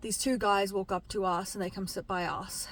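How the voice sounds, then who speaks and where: A woman's voice: mid-range voice, steady tone, moderate pace, a bit bright. Chatty young pregnant woman vlogger. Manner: chatty, laughs often, says "like" a lot. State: pregnant and tired. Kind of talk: casual storytelling.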